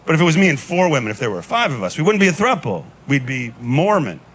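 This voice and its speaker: A man in his thirties doing a stand-up comedy set on a club stage, telling stories in a deadpan way with punchy asides. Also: on the high side, fast talker, slightly rough. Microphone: handheld stage mic. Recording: live club recording with noise. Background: audience laughter.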